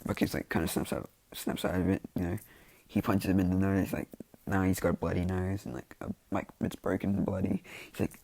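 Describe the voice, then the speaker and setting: Casual storyteller, man, low and gravelly, rambling with endless fillers. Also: level tone, a little fast, dark tone, no echo. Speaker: fan storyteller.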